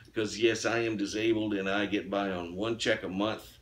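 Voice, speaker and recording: Rambling folksy man, lowish voice. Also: flat delivery, moderate pace, slight background noise. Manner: rambling and folksy, with frequent fillers. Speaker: YouTube channel host running a giveaway. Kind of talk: casual chat to camera.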